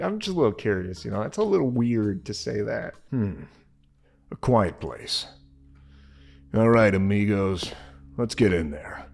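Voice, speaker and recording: A man's voice: lowish voice, creaky. A man hosting a let's-play video, giving joking, sarcastic commentary as he plays. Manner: animated, joking, sarcastic asides. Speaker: gaming video host.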